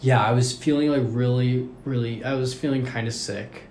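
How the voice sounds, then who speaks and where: A young man in a casual chat, telling a story in an animated way, with lots of fillers and swearing, and acting out the people he quotes. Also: mid-range voice, moderate pace. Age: young adult. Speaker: podcast co-host. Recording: echoey room with faint noise.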